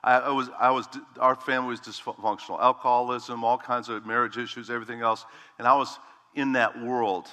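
A middle-aged man preaching a sermon as a pastor, emphatic, slowing down and stretching key words for weight. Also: medium pitch, fairly even intonation, pushed and bright, in a large hall.

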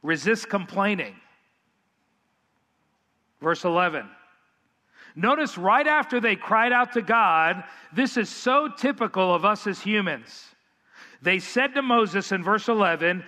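Male pastor, emphatic sermon, high bright voice, hall reverb. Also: measured pace. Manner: emphatic, asks the congregation questions.

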